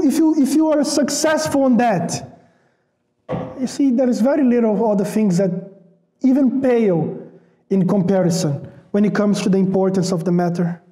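A man's voice: extremely high pitch, warm tone. A man preaching a sermon in a conversational way, repeating words for emphasis and asking the congregation rhetorical questions. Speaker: pastor.

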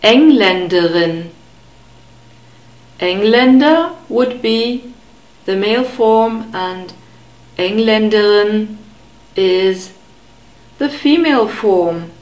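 A woman teaching German pronunciation to beginners, patiently repeating each word slowly and clearly. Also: on the high side, animated, darkish tone, echoey room, poor audio. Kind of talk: slow, careful pronunciation lesson.

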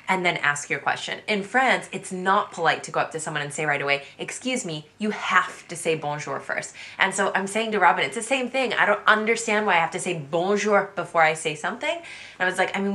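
A woman in her thirties from the USA, talking to camera in an energetic, chatty way about culture shocks. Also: lowish voice. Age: 30s. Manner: energetic, chatty, quotes people in animated voices. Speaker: vlogger. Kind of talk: casual talk to camera.

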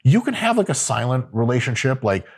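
A man's voice: medium pitch, sing-song, a little fast, breathy edge. A man giving casual, profane, joking coaching talk about gym training. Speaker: fitness coach.

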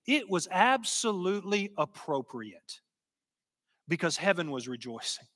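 A man preaching a sermon and telling a story, slow and emphatic, sometimes dropping to a hush. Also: high-pitched. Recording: long hall reverb.

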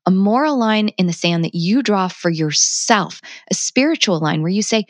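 A middle-aged woman speaks candidly as a podcast guest. She is passionate and blunt, swearing freely. Her voice sits at a middle pitch and is recorded close and dry. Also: lively intonation, normal speed, hardly any pauses, no echo. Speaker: podcast guest, parenting coach. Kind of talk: candid conversational interview.

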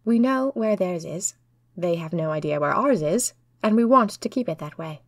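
A woman telling a first-person diary story in an earnest, lively way. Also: on the low side, moderate pace, dry recording, studio quality.

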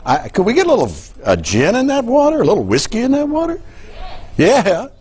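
A male news anchor trading relaxed jokes with the crew between broadcasts. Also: very high-pitched, fairly quick, slight background noise. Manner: joking, relaxed. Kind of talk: casual banter off air.

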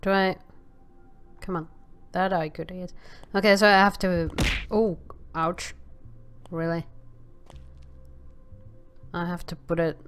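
Slow-talking woman narrating her gameplay. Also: on the low side, steady tone, soft background music. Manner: exclaims and stammers filler sounds while playing. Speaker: gameplay commentator. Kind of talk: casual game commentary.

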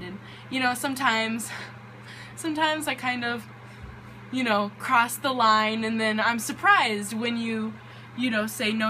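A young woman speaks in a fairly high voice in a casual, giggly, self-conscious way. She records a chatty video message, with clear background noise and passing traffic behind her. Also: pushed and bright, rough recording. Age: young adult.

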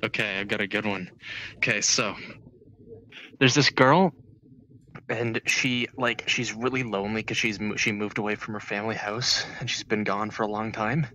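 A man's voice: lowish voice, steady tone, moderate pace, sharp tone, a little hiss or hum, poor audio. A man telling a long joke in a casual online voice chat, rambling with many restarts and filler words.

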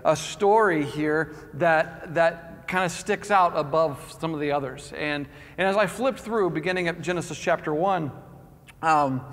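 Male pastor, slightly high voice, sermon delivery with restarts, long church-hall reverb. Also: a bit bright. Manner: earnest, halting with frequent restarts.

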